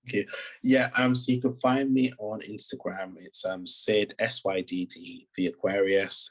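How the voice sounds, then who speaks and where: A man appearing as a podcast guest, warm and gushing in casual chat. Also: deep voice, creaky, slightly rough, rough recording. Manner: warm, gushing, easily moved.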